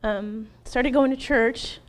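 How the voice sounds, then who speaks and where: A middle-aged woman in an interview, telling her personal testimony in an emotional, animated way, laughing often and acting out what she once said. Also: a little high, slow. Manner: animated, laughs often, acts out her own past words.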